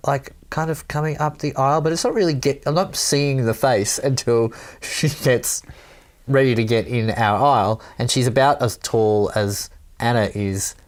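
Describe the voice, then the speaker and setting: A man's voice: mid-range voice, moderate pace. A Welsh man from Wales telling a rambling story in casual chat, laughing often and swearing now and then.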